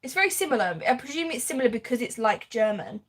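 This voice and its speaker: A woman's voice: fairly high pitch, big pitch swings, fast talker, fairly bright tone, husky. A woman chatting casually as she crafts on a live stream, laughing often and answering viewer comments. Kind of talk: casual chat while crafting.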